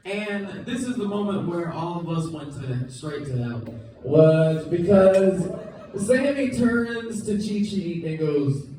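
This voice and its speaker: A man's voice: high voice, expressive, slow pace, dark tone, slight background noise. A man doing a stand-up set on a comedy club stage, swearing freely and laughing at his own jokes. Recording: very echoey club recorded from a distance.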